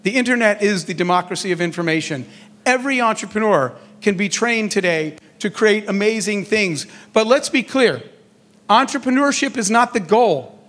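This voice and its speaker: A middle-aged man with a notably high voice for a man delivers a motivational speech. He tells his stories in a lively way and plays out each exchange of dialogue. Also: moderate pace. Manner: animated storyteller acting out dialogue. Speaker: keynote speaker on entrepreneurship.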